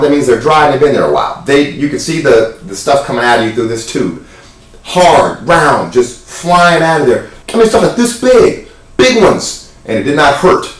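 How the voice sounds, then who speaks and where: Man, casual vlog monologue, animated storytelling, middle pitch, echoey, distant mic. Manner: animated, chatty storytelling with jokes. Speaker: wellness vlogger.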